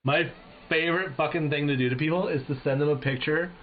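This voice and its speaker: Homem com som fino de telefone, falando palavrões. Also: male voice, fairly high pitch, quick pace. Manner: profane, animated, acts out voices in anecdotes. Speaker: streamer. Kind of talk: casual storytelling chat. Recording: tinny phone-like sound with faint noise.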